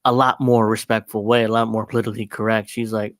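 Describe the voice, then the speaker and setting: A man's voice: fairly low pitch, little pitch movement, brisk, no echo. Mocking, profane young man. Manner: mocking, profane, laughs often. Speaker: host. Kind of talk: casual commentary on clips.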